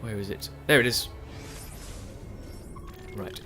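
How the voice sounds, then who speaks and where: A man's voice: fairly low pitch, takes it slowly, sharp tone, faint music behind. A young man chatting loosely over gameplay, often correcting himself mid-sentence. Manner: rambling, self-correcting, chatty. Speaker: gaming YouTuber. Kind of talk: casual let's-play commentary.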